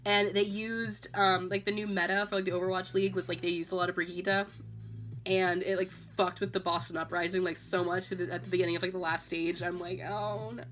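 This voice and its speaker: A slightly tipsy woman chatting casually, rambling with lots of "like" and "um" and breaking into loud excited squeals. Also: lowish voice, a little fast, faint music behind. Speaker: vlogger. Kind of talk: casual tipsy chat about a video game.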